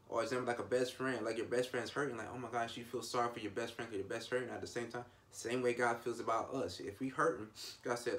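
A man preaching at a quick clip in a plain, mid-range voice. He talks informally and emphatically, repeats himself and restarts phrases. A faint hiss sits under the recording. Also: mid-range voice, fairly even intonation, a bit bright. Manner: repetitive, restarts often, emphatic asides. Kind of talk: informal devotional sermon.

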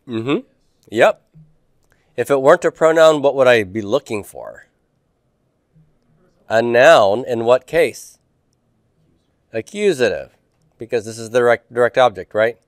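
Male teacher, clear resonant voice, patient quizzing style, dry close sound. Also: mid-range voice, animated, a little slow, long pauses, no room sound. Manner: quizzing students with questions, patient. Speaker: Greek teacher. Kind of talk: classroom homework review.

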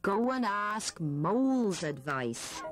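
A woman's voice: medium pitch, very animated, slow, faint music behind. A woman voicing a kindly old male hedgehog who grumbles in a plain, homely way. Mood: gruff.

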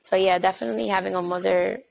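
A woman's voice: mid-range voice, steady tone, vocal fry, a crowd in the background, rough recording. A woman hosting a podcast, chatting casually and telling stories about her son. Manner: chatty storyteller, quick asides. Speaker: podcast host. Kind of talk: casual chat.

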